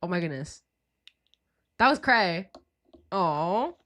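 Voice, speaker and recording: A woman streamer chatting casually and excitably with slang while playing a game live. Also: fairly low pitch, takes it slowly. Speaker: gaming streamer.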